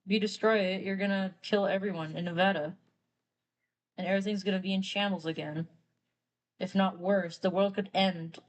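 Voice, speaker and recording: A woman's voice: medium pitch, steady tone, moderate pace. A woman retelling a story casually while drawing on a live stream, rambling and quoting characters with "he's like". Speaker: artist streamer.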